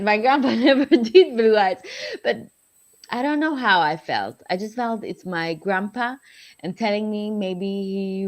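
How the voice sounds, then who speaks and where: A woman guest telling a personal story, with grammar slips of a non-native speaker. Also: mid-range voice.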